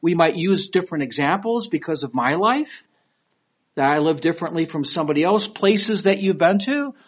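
A man's voice: a little high, normal speed, husky. A middle-aged man from Michigan with a Detroit accent, preaching a sermon in a conversational, storytelling way. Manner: conversational, storytelling with lively quoted voices. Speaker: pastor. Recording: dull lo-fi recording.

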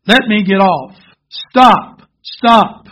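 A man's voice: sits high, extremely slow, a bit bright, voice pushed up, heavily acted. A man crying out as a desperate pleading teacup. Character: pleading female teacup under torment.

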